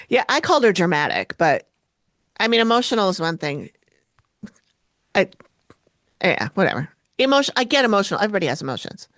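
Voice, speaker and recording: A woman co-hosting a podcast, recapping a TV episode in casual chat and jumping in pitch when she quotes people. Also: sing-song, a little fast, pauses often, fairly bright tone, no room sound, clean studio sound. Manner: chatty, quotes people with sudden pitch jumps. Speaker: podcast co-host.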